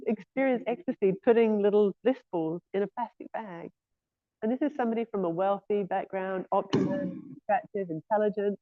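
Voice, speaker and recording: A woman's voice: medium pitch, fairly quick. A woman giving an informal scripture class in a temple, speaking hesitantly with frequent "um" and "yeah" fillers. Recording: thin phone-like lo-fi audio.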